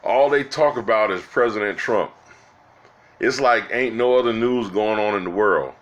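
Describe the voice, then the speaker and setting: A man's voice: on the low side, normal speed, fairly bright tone, muffled recording. A man giving rambling, exasperated political commentary to his viewers, with many restarts, calling them "guys" and "y'all". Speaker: political vlogger.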